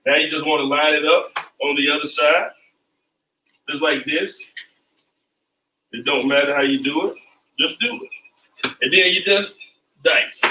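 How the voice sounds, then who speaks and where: Male cooking host, slightly high, loose and repetitive, heard from a distance in a roomy kitchen. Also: bright, forceful tone, slight background noise. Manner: loose, repetitive, chanting phrases. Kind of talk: casual cooking demo. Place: home kitchen. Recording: echoey kitchen, mic at a distance.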